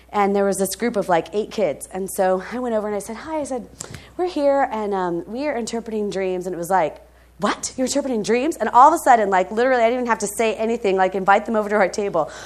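A woman delivers a sermon in a mid-pitched voice, carrying her listeners through a personal story. She swings between bright, emphatic bursts and soft, near-quiet passages, often breaking into laughter between phrases. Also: fast talker. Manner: lively storytelling, rising to emphatic highs and dropping to soft, quiet tones. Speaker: preacher.

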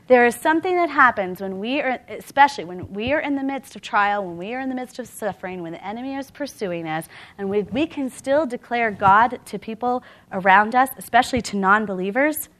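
Animated woman preaching, slightly high voice. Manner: conversational, animated preaching with rhetorical questions and laughs. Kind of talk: sermon. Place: church.

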